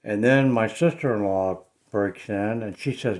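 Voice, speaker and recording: Unhurried and a little mellow, a man with a fairly low pitch films a casual vlog inside his home about paranormal matters. His speech is uncertain and nervous, peppered with plenty of ums and uhs.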